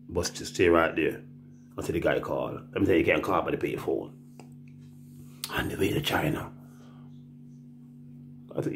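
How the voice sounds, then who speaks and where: A man's voice: deep voice, wildly swooping pitch, normal speed, pauses often. A man with a Jamaican accent, telling rambling, profane stories in casual talk and acting out the voices he quotes.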